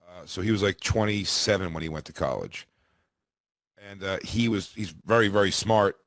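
A man's voice: sits low, normal speed, a bit bright, no room sound, studio quality. A man in his thirties co-hosting a podcast, telling stories in a rambling, profane way with many restarts. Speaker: podcast co-host. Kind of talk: casual chat.

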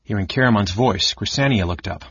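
A man narrating an audiobook in a steady, measured storytelling manner. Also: on the low side, breathy edge, highs cut off. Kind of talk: audiobook reading.

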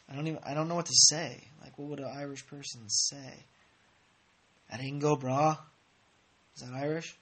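A man's voice: medium pitch, a bit bright. Rambling laid-back male podcast host. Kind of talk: casual rambling chat.

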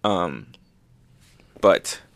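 A man's voice: very slow, no echo. Fired-up man recapping manga, dry sound. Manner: excitable, swears freely, lots of fillers. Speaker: manga review host. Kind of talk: casual chapter recap.

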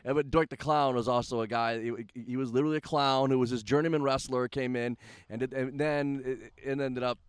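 A man of ordinary pitch hosts a relaxed wrestling podcast and laughs often. He stops to explain things for listeners who are not fans. The recording is close and dry. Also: fairly quick, clear, resonant tone, no echo. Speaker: podcast host, wrestling manager. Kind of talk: casual podcast chat.

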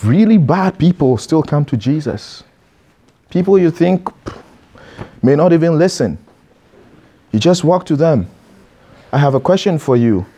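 A man's voice: fairly high pitch, expressive, unhurried, pauses often, mellow, breathy edge. A man preaching a sermon to young listeners, emphatic and repetitive, putting questions straight to the crowd in front of him. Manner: emphatic, repeats phrases, questions the listeners directly. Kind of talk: sermon to a youth audience.

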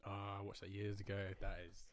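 A man, a podcast guest in casual chat, relaxed and trailing off into fillers as he tells stories. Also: lowish voice, a little fast.

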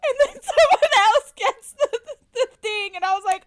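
A woman's voice: extremely high pitch, animated, fairly quick, hardly any pauses. A young woman in casual chat with friends, playful and dramatic, acting out what people said. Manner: playful, dramatic, acts out quotes.

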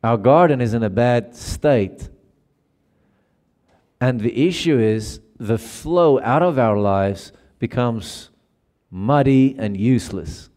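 A male pastor delivers a sermon in a relaxed, conversational way, laughing often and pausing to check that his listeners follow. His voice sits at an ordinary middle pitch for a man. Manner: laughs often while telling stories.

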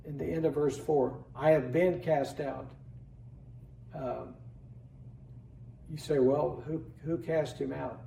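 Pastor, male, earnest sermon delivery, slightly raised pitch, heard from afar in an echoing church. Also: fairly even intonation, slow, creaky, pauses often, dark tone, slight background noise. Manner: earnest preaching, reads scripture aloud with rising emphasis. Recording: echoey room, voice from a distance.

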